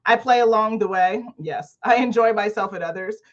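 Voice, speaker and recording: Animated woman reading affirmations, muffled audio. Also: medium pitch, normal speed. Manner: animated, laughs often, reads affirmations aloud. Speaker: host of an online book club. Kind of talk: casual livestream book chat.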